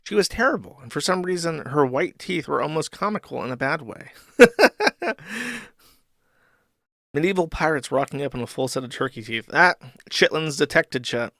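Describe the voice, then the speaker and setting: A man's voice: fairly high pitch, lively intonation, normal speed, creaky, long pauses, a bit bright, no room sound, clean studio sound. A man hosting a livestream, reading chat and forum comments aloud and reacting in a crude, mocking way.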